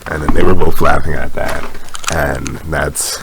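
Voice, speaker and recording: A man's voice: extremely low pitch, fairly even intonation, unhurried, vocal fry. A male podcast co-host in casual chat, telling rambling anecdotes full of quoted voices and laughter, on a noisy home recording. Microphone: headphones and a shared mic splitter.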